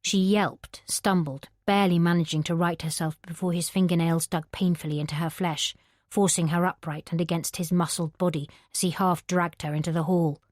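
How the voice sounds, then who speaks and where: Female narrator, lowish voice, measured thriller reading, dry booth sound. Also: fairly even intonation, darkish tone, no room sound. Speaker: audiobook narrator. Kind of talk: scripted narration.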